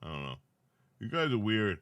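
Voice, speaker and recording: A man's voice: fairly low pitch, sing-song, normal speed, fairly bright tone, dry recording, highs cut off. A sleepy man hosting a livestream, chatting loosely with viewers and teasing them. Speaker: livestream host. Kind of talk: casual livestream chat.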